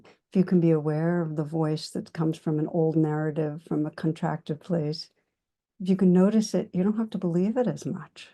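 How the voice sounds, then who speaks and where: A woman host leads the conversation in a gentle, measured voice. Her pitch is lowish and her tone is soft and mellow. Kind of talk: interview conversation.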